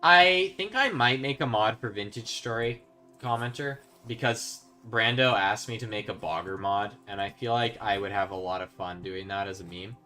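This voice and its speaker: A young man giving casual commentary while he plays a video game. He swings from quiet muttering to yelling when he is excited. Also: on the low side, normal speed, soft background music. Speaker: gaming video host. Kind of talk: casual let's-play commentary.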